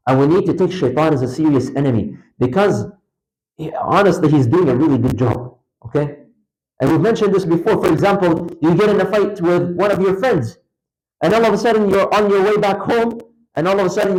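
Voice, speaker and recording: A man with a fairly high voice lectures in a mosque hall, speaking straight to his listeners. He tells everyday examples with emphasis, his pitch jumping up and dropping back down. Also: a little fast. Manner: animated, emphatic storytelling with wide pitch swings; conversational, addresses listeners directly. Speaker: Islamic lecturer. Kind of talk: classroom religious lecture.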